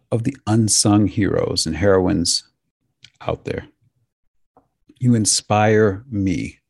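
Man, very low voice, gravelly, earnest heartfelt host, halting restarts, husky. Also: darkish tone, no room sound, studio quality. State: tearing up. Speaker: podcast host. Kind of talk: heartfelt monologue to listeners.

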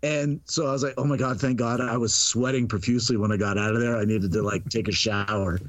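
A man's voice: on the low side, steady tone, a little fast, slight background noise. A man telling a casual story in a chatty way, laughing often and tripping over his words. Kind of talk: casual anecdote. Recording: dull lo-fi audio.

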